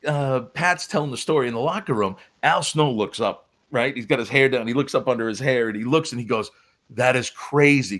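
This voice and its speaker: A man who is a former wrestling referee, guest on a podcast, telling stories in an animated, laughing way. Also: fairly high pitch. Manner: animated storyteller, breaks into laughs. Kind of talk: casual storytelling on a podcast.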